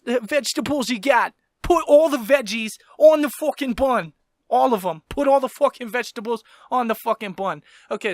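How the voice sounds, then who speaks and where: A high-voiced male comedian hosts a casual talk show and rants with constant swearing. He is animated and quick to laugh at himself. The sound is dry and close, with no room echo. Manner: profane, animated, ranting, laughing asides. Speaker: podcast host and stand-up comedian.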